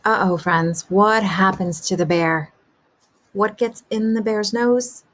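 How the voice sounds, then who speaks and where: A woman kindergarten teacher talks slowly and gently, posing simple questions to young children about a story. She speaks at a mid pitch and stays patient throughout. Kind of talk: teaching a class remotely.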